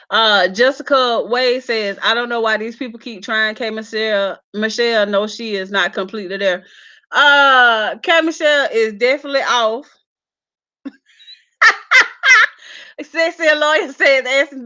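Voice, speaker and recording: Bright, chatty woman vlogger. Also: on the high side, lo-fi sound. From South Carolina. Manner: chatty and laughing, talks straight to viewers. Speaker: YouTube gossip vlogger reading live comments. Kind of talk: casual live-stream chat.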